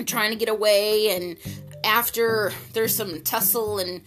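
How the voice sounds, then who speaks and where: A woman casually recapping a soap opera episode in an animated, gossipy way, using slang and an occasional swear word. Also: measured pace. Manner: jumps to high, loud pitch for excited retellings. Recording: music playing clearly behind the voice.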